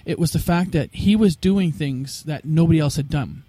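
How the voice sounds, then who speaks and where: A man guest talking about his life as a musician in a casual interview, telling stories with lively acted-out quotes. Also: a little high, moderate pace, no echo. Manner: animated, acts out quoted voices.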